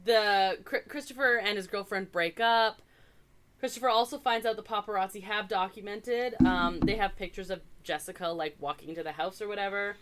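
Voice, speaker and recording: A woman's voice: medium pitch, normal speed, a bit bright, slight background noise. A woman from Canada co-hosting a podcast, chatting casually as she recaps a movie, with lots of "like" and wry asides. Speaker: podcast co-host.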